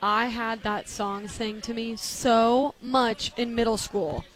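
A young woman chiming in on a radio show, telling a quick, amused story in casual chat. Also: a little high, fairly even intonation, poor audio.

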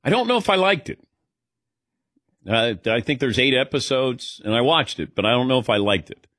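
A man hosting casual talk radio banter, telling animated stories and mimicking other people in quotes. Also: mid-range voice, moderate pace, no room sound, studio quality. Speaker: radio show host.

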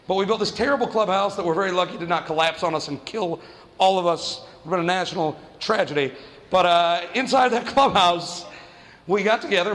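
A man's voice: high voice, fairly bright tone, big-room sound. A man doing stand-up, telling a casual, profane childhood story and acting out the quotes. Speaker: stand-up comedian.

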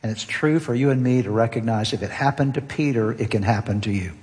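A pastor preaching a sermon, earnest and emphatic, repeating key phrases for weight. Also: male voice, medium pitch, fast talker, a little mellow. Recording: long hall reverb.

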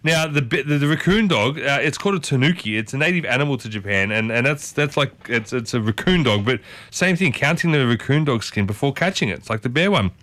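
A man hosts a morning radio show in a loose, chatty way, circling back and restarting his thoughts. His voice sits at an ordinary middle pitch for a man. The studio sound is close and dry, with no room around it. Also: expressive, a little fast, fairly bright tone, no room sound. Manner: chatty, rambling with restarts, playful asides. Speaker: radio host. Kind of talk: casual morning radio chat. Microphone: studio microphone.

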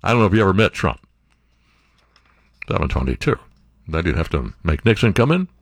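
Sarcastic, animated male talk radio host. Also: sits low, fast, no echo, clean studio sound. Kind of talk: political commentary on talk radio.

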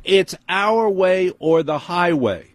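A man's voice: high-pitched, expressive, takes it slowly, no echo, pitched above the performer's own voice. A man mimicking a prissy, condescending male store manager, speaking in a whiny, lecturing tone. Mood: snippy.

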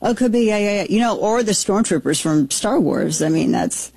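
A woman hosting a talk radio show, reacting with incredulous, quick asides and restarts. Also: medium pitch, lively intonation, vocal fry, darkish tone. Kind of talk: casual talk radio commentary. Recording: dry studio sound.

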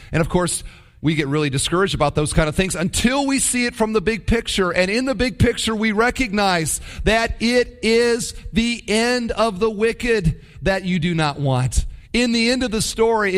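Animated male preacher, lively pitch. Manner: animated, acts out quoted voices. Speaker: pastor. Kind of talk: sermon.

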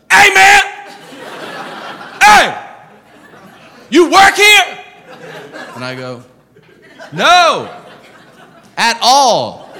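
A stand-up comedian with a medium-pitched voice tells a profane story during his set, bursting into loud shouts as he acts out its characters. The live club recording carries long reverb and room noise, with audience laughter behind him.

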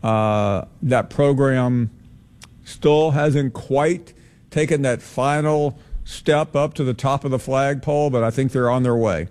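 A man hosting a sports call-in radio show, answering callers in a measured, hedging way with many "uh"s. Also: mid-range voice, darkish tone.

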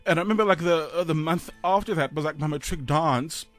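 A South African man in his thirties, a radio co-host, telling a personal story in a halting, choked-up way with sighs and fillers. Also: on the high side, faint music behind. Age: 30s.

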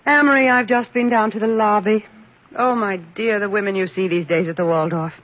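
A woman's voice: mid-range voice, steady tone, a little fast, lightly acted. An actress playing an affected, fussy wealthy mother with a grand, languid, theatrical drawl, in a 1940s radio play. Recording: lo-fi vintage radio broadcast.

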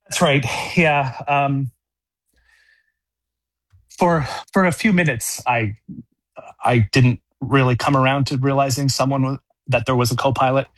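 A middle-aged man speaking as a radio interview guest, halting, with many fillers and restarts. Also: medium pitch, fairly even intonation, no echo. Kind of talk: casual phone-in interview.

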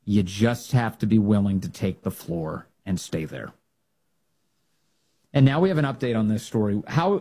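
A man hosting a political talk show, delivering commentary in an emphatic, rallying way. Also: husky. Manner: emphatic, rallying, swings to loud high bursts.

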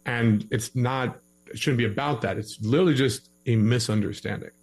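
In a relaxed, conversational podcast, a man offers relationship advice, getting animated as he acts out both partners in a quarrel. His mid-pitched voice is slightly rough and moves at a moderate pace, with a faint mains hum underneath.

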